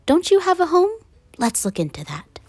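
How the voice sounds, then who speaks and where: A woman's voice: very high-pitched, wildly swooping pitch, normal speed, dry recording, voice pushed up, full character voice. A woman reading as a kind old lady. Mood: gentle. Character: lonely kindly old woman.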